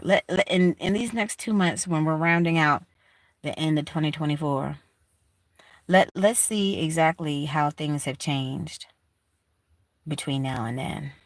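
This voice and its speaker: A woman's voice: low-pitched, dry recording. A woman hosting a livestream, talking to her viewers in a heartfelt, emphatic way. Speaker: livestream host. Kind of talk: casual livestream chat. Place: rented room in a shared house.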